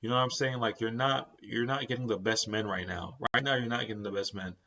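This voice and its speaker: A man's voice: on the low side, steady tone, fast, pushed and bright, muffled recording, slight background noise. A tired man, hosting a podcast as casual solo commentary, rambling with lots of fillers and repeats. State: tired, yawning. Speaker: podcast host.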